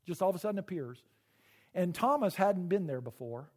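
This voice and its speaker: A middle-aged man preaching a sermon, earnest and emotional, often halting and repeating words. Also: high-pitched, expressive, husky. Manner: earnest and personal. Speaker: pastor.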